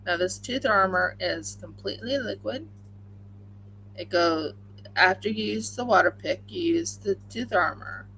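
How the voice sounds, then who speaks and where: A woman's voice: mid-range voice, measured pace, pushed and bright, a little hiss or hum, low-quality recording. A woman hosting a crafting livestream, chatting casually and rambling with many fillers while she crochets at home.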